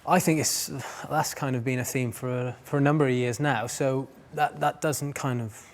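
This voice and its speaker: A man giving sports punditry in a halting way, with many pauses and restarts. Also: mid-range voice, steady tone. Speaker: studio pundit. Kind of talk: casual sports chat.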